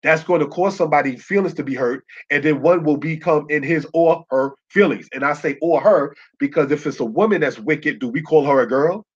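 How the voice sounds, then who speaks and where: A man teaching a Bible lesson in a preacherly way, often checking with his listeners and slowing down to spell out Hebrew words. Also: a little high. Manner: preacherly, keeps asking "You understand?". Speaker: Torah teacher. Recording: muffled lo-fi recording.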